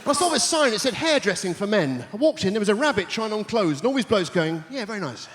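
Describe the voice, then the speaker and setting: A man doing stand-up, delivering quick punning one-liners with deadpan setups on a theatre stage. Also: high-pitched, long reverb tail, very noisy. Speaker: stand-up comedian. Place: large theatre stage before a live audience.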